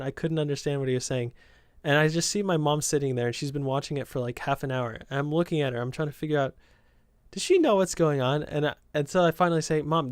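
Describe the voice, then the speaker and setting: A young man with a light Southern accent rambles through a casual podcast, circling back and correcting himself as he goes. His voice sits a little high. The sound is dry and close, with no room echo. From Southern United States. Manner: chatty, meandering, self-correcting. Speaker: podcast host.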